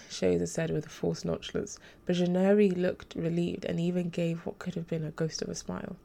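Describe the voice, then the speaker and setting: A woman narrating an audiobook in a steady, plain reading voice. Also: fairly low pitch, fairly quick, gravelly, hardly any pauses.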